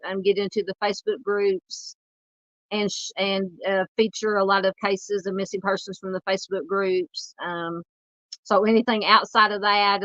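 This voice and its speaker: A woman in her forties with a Southern US accent, hosting a true crime livestream and chatting loosely with viewers, halting and full of fillers. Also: mid-range voice, a bit bright, no echo, lo-fi sound. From United States. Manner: rambling, halting, lots of fillers while searching the screen. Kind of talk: casual livestream chat reading comments.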